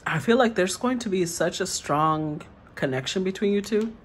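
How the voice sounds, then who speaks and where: A woman's voice: on the low side, expressive, moderate pace, slight background noise, poor audio. A woman tarot reader who reads the card meanings aloud and then muses over them in a casual way.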